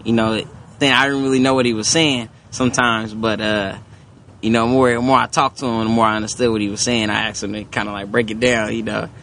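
A man's voice: lowish voice, level tone, fairly quick, fairly bright tone, slight background noise. An American man chatting casually in a laid-back, slangy way. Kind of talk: casual interview chat.

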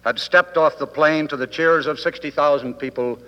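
A man's voice: a little high, steady tone. Wry man speaking in a reverberant hall. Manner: measured, dry wit, deliberate pauses. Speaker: guest speaker at a convention. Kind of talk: formal after-dinner speech. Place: large hotel ballroom. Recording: old 1960s broadcast recording, dull, with long hall reverb.

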